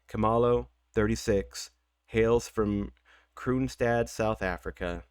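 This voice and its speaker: A man's voice: on the low side, takes it slowly, a little mellow, clear, resonant tone, no echo, studio quality. A young man hosting a let's play, chatting casually with rambling, self-mocking asides. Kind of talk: casual gameplay commentary.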